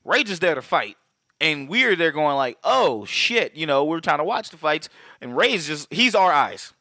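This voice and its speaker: A man with a high, bright, forceful voice, co-hosting a casual podcast. He swears freely and jumps into movie characters' lines mid-recap. The sound is dry and close, with no room echo. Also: normal speed. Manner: profane, animated, acts out movie quotes. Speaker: podcast co-host. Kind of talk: casual film recap chat.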